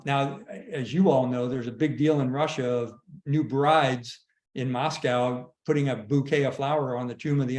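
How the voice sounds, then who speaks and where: Retired general telling a war story. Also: male voice, mid-range voice, a little mellow, reverberant. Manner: conversational, halting restarts, anecdotal. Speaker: retired army general, guest. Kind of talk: casual storytelling in an online conversation. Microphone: video call.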